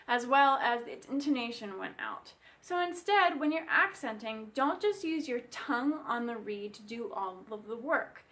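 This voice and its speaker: A woman with a high, light voice gives a bassoon lesson. She explains each step in a clear, friendly teaching manner. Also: a bit bright. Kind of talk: instructional music lesson.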